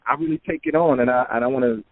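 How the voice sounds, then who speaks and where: A man guest telling relaxed stories about making records, filling his talk with "man" and "you know". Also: mid-range voice, very fast, no room sound. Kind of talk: casual interview storytelling. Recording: phone-like narrow sound.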